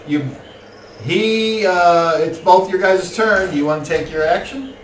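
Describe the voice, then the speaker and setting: A man running a tabletop game as game master, excitable and quick to burst into laughter and shouts. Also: high-pitched. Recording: roomy, distant mic with faint noise.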